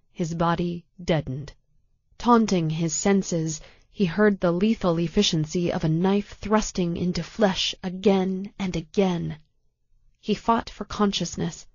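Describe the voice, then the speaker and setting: Woman audiobook narrator, deliberate and tense, dry slightly muffled recording. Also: lowish voice, darkish tone, no room sound. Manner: measured, tense, deliberate reading.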